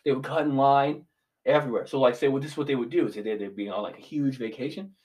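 A man's voice: mid-range voice, fast, darkish tone. A young man in his twenties ranting casually as a podcast co-host, swearing freely. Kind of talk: casual chat.

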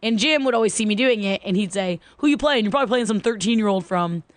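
Fast-talking woman podcast co-host. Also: medium pitch, dry recording. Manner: animated storytelling, exasperated. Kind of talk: casual chat.

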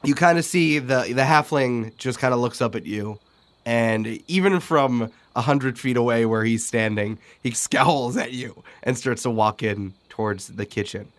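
A man narrating a tabletop game as game master, relaxed and hesitant with many fillers. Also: mid-range voice, measured pace.

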